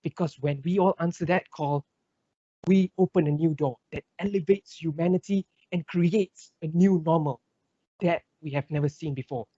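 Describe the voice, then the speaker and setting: Brief: young male debater, husky mellow voice, fervent rhetorical delivery, dull lo-fi dry sound. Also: fairly high pitch, normal speed, no room sound. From Malaysia. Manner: impassioned, rhetorical, builds in lists and repetition. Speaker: student debater. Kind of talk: competitive debate speech.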